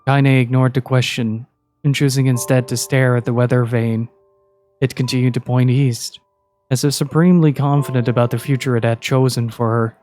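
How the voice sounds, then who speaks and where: Guy reading a story out loud, steady, soft music in the back. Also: medium pitch. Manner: steady, measured narration. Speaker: streamer reading aloud.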